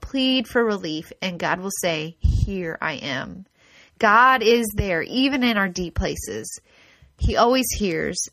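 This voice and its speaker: A woman's voice: mid-range voice, fairly bright tone, no room sound. A woman giving a devotional Bible teaching. She reads scripture aloud, then explains it in an earnest, conversational way with small restarts.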